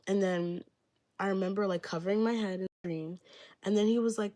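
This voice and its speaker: A woman's voice: medium pitch, steady tone, a little fast, dark tone. A young woman telling a story on a livestream in a rambling, casual way, filling nearly every phrase with "like". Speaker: livestreamer giving readings.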